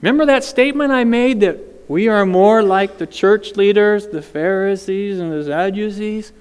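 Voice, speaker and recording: A man's voice: sits high, moderate pace, clean tone, long reverb tail. A man preaching a sermon, dramatic and questioning the congregation directly. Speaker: pastor.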